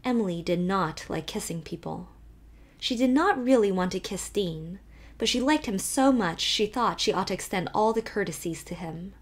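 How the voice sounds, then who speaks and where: Female audiobook narrator, steady expressive reading, middle pitch. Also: normal speed. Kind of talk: scripted narration.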